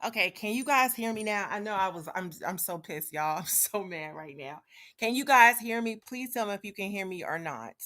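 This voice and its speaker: A woman's voice: medium pitch, expressive, a little fast, hardly any pauses, a bit bright. A woman hosting a live stream, talking straight to her viewers in a chatty, casual way with frequent fillers. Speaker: livestream host.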